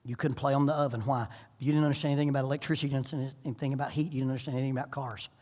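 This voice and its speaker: A man's voice: medium pitch, fairly even intonation, racing, a little mellow. A middle-aged man preaching a sermon in a folksy, humorous storytelling manner. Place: church sanctuary. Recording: echoey church hall.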